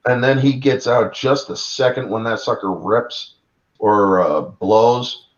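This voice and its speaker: A man in his thirties recounting a monster movie in casual chat, excitable and profane, acting out characters in voices. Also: mid-range voice, takes it slowly. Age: 30s. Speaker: podcast panelist. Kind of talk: casual film discussion. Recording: dull lo-fi audio.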